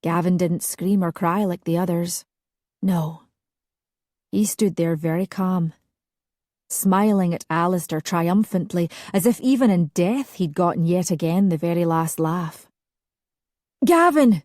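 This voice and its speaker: A woman narrating an audiobook romance in a measured, dramatic storytelling style. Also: fairly low pitch, fairly even intonation, mellow, no room sound, studio quality. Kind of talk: scripted narration.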